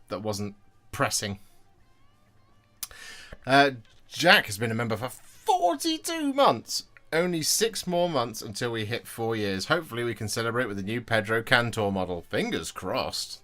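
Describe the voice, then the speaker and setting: Guy with a lowish voice chatting on his hobby stream, jokey, pokes fun at himself. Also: bright, forceful tone. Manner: chatty, self-deprecating, reads chat aloud. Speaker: livestream host building and painting models. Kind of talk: casual livestream chat.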